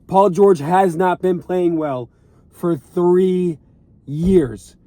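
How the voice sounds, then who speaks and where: A young man vents from the driver's seat of a car, his voice pitched fairly high but mellow in tone. He talks slowly, drags out key words and circles back to repeat them with exasperated emphasis. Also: no room sound. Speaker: vlogger and sports fan. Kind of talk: ranting to camera. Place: inside a parked car.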